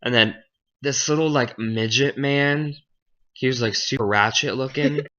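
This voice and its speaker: A man's voice: medium pitch, a little slow, pushed and bright. A young man casually retelling a fairy tale in slang, flippant and jokey, briefly acting out the characters. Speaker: storyteller. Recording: dull lo-fi home recording.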